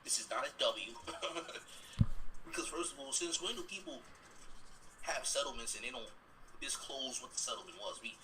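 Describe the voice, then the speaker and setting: A man's voice: medium pitch, expressive, moderate pace, long pauses, background noise. A man doing live stream banter, mocking and full of slangy trash talk. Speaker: livestreamer.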